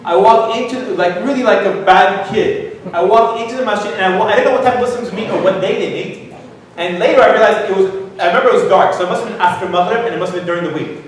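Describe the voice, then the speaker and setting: Guy telling a funny story at a conference, high voice, sounds far off in a big echoey hall. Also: quick pace. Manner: animated, jokey, rises high when excited. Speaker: guest speaker. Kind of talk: humorous personal storytelling talk. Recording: very echoey hall, distant mic.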